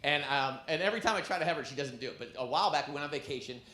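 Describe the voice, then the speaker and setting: A man performing a stand-up comedy set on a club stage, telling stories with an animated delivery. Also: fairly high pitch, rapid-fire. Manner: animated storytelling, breaks into laughs. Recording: echoey club with background noise.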